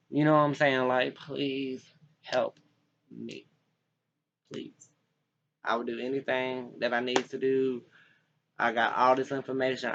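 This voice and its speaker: A man's voice: medium pitch, a bit bright, a little hiss or hum. A young man from North Carolina, pleading directly to the camera in a rambling way, often restarting his sentences. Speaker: vlogger. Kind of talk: direct-to-camera personal appeal. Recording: dull lo-fi recording.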